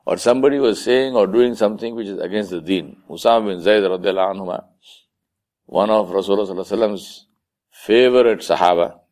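A man with a fairly low voice gives an Islamic lecture. He talks in a conversational way and sometimes acts out the voices of the people he quotes. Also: fast talker, a little mellow. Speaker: Islamic speaker. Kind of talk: sermon lecture.

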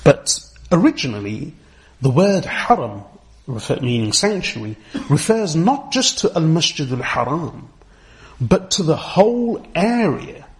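Measured man teaching a religious lesson. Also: a little high. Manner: deliberate, explanatory, with careful Arabic terms. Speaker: Islamic teacher.

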